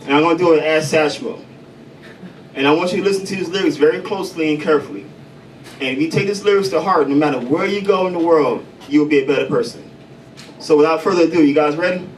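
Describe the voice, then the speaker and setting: A man from Chicago doing stand-up comedy in a coffee house, loose and profane with deadpan punchlines. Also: a little high, fast talker. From Chicago, USA. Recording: distant mic, noisy café room.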